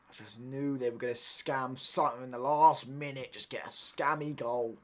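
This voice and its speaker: This is a man, hosting a live football watchalong at an ordinary, middling pitch. He rants in thick slang and loops back on the same phrases again and again. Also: fairly even intonation, moderate pace, fairly bright tone. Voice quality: heavy slang, repeats himself, ranting. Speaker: watchalong streamer.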